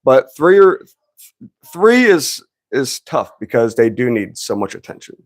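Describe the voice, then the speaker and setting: A man's voice: mid-range voice, sing-song, unhurried, no room sound, clean studio sound. A man in his thirties hosting a podcast, chatting casually, rambling and laughing often as he acts out little quotes. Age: 30s. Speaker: podcast host. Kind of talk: casual chat.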